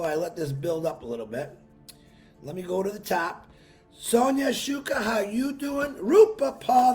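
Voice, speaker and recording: A man's voice: sits high, a little mellow. A man hosting a live stream, chatting casually and greeting viewers by name with upbeat bursts, his voice worn from a long weekend. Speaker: livestream host.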